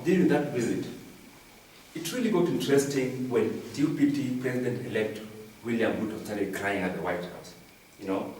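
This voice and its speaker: A man's voice: mid-range voice, darkish tone, slight background noise. A Kenyan man doing a satirical comic news monologue, repeating each punchline with "I'm telling you.". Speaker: comedian. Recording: very echoey, distant from the mic.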